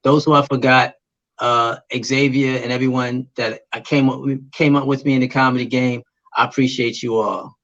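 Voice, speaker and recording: A man, a comedian guest, chatting casually on a podcast with plenty of fillers. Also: normal speed. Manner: relaxed, with fillers, booming announcer bits. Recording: muffled lo-fi audio.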